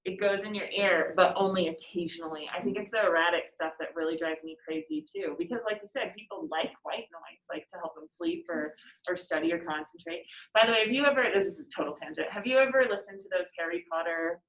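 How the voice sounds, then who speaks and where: A woman's voice: lowish voice, expressive, a little fast, fairly bright tone, echoey room, poor audio. A woman teacher leading a class discussion of a poem, chatty and laughing easily, reading lines aloud.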